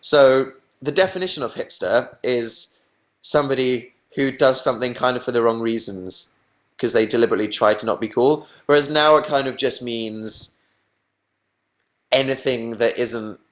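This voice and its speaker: A man's voice: medium pitch, normal speed. Man live-streaming at home, rambling chatty self-deprecating host, webcam sound. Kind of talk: casual live stream chat.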